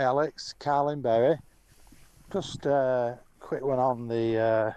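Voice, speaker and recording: A man's voice: medium pitch, mellow, a little hiss or hum. A self-employed man complaining in a fed-up tone in a recorded voice note to a radio phone-in. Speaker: caller.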